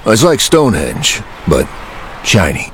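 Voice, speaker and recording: An actor playing an easygoing biker stranded with a broken-down motorcycle in a radio ad, in a very deep voice. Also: male voice, huge pitch swings, unhurried, a bit bright, full character voice. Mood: resigned. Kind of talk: radio ad acting. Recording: ad with engine noise behind.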